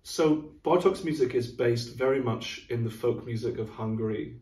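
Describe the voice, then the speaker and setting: This middle-aged man sounds like a music director, chatting casually about classical music and explaining things thoughtfully, sometimes singing out rhythms. His voice is medium-pitched, a little mellow, and at normal speed, with room echo from a distant, slightly off mic.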